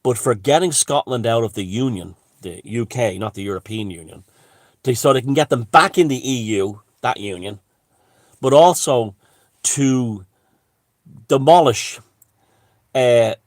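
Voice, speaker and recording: A man's voice: medium pitch, animated, measured pace, pauses often, dry recording, clean studio sound. A man giving a heated, rambling political monologue, swearing and restarting his sentences. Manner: heated, profane, full of restarts and asides. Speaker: commentator.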